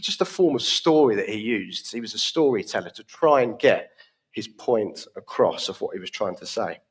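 A man's voice: on the low side, husky. A man giving a conversational sermon in a church service, often asking the congregation questions. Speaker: preacher.

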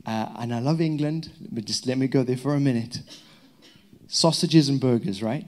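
A man from Zimbabwe with a Zimbabwean accent, a pastor giving a lively sermon with humorous stories. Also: mid-range voice, moderate pace. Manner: lively, humorous storytelling with prayer. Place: church hall.

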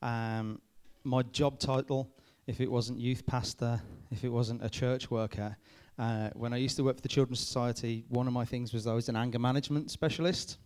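A man leads a youth group as their pastor, with a smooth, resonant voice. He talks to the room and keeps checking in with a quick "okay?" He speaks at a middle pitch. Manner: lively, addresses the group with frequent "okay?" checks. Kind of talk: youth talk. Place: room with a live youth audience.

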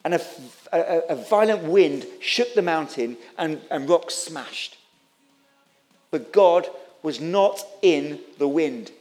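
A man's voice: on the high side, expressive, takes it slowly, a little mellow, soft background music. A man preaching a sermon, impassioned and repetitive, stumbling over restarts as he builds his points. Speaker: pastor.

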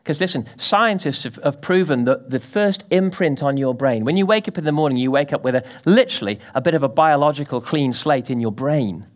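Animated male preacher, high voice. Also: fairly quick, few pauses. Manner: animated preaching with sudden rises and drops in pitch; asks the congregation questions. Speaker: pastor. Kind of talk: sermon.

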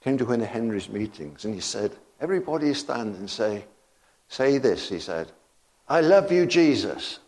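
An older man preaching a sermon, slow and emphatic, with rising exclamations and bursts of laughter. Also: fairly low pitch, animated, darkish tone.

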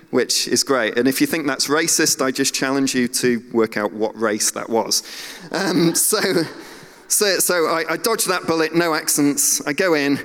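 Man speaker, chatty storyteller, self-deprecating humor, live talk in a big echoing hall. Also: a little high. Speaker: speaker giving a church talk. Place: large hall. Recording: long hall reverb.

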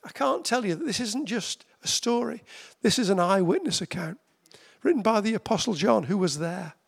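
A man preaching a sermon in a conversational way, slowing down to repeat key phrases with emphasis and asking listeners direct questions. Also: high-pitched, animated, creaky, husky. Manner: conversational, with slow emphatic repetitions.

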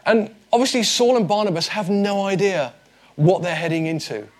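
A man's voice: sits high, animated, moderate pace. A man, preaching a sermon in a conversational, earnest way with light humor. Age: 40s. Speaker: pastor.

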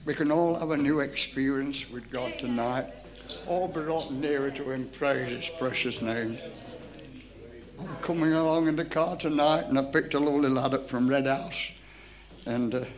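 A man's voice: medium pitch, lo-fi sound. A man preaching at a revival meeting, fervently calling on the congregation to respond. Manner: fervent, calls out for the crowd to shout. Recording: echoey hall with crowd, old tape.

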